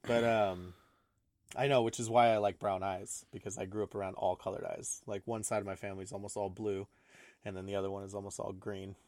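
A young man talks in a loose, joking podcast chat, his voice sitting a little low. He laughs often and stumbles into restarts. The sound is close and dry, with no room around it. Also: level tone, brisk, a little mellow, no echo. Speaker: podcast co-host. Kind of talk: casual chat.

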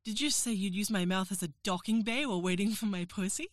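A woman's voice: mid-range voice, quick pace, no echo. Teasing, commanding woman, dry close voice. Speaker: professor character in audio role-play. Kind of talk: erotic audio role-play.

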